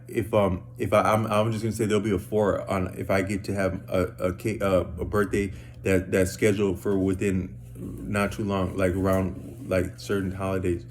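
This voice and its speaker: Man, low voice, stammering, repeats words, slangy rambling story to camera. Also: a little mellow, slight background noise. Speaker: vlogger.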